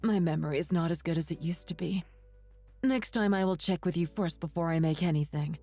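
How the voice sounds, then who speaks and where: A woman voicing a meek elderly mother in an animated story, apologizing and pleading softly. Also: on the low side, a little fast, no room sound, soft background music. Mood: apologetic. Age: older.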